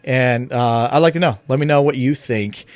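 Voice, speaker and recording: A man's voice: mid-range voice, normal speed, darkish tone. Blunt, profane man ranting. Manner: blunt, profane, rambling with restarts. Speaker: podcast host. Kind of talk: casual opinion monologue.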